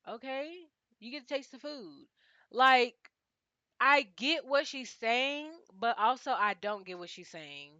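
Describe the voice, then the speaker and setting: A woman's voice: high voice, expressive, measured pace, sharp tone, no echo, lo-fi sound. A woman giving a casual, profane, exasperated recap of a reality TV episode.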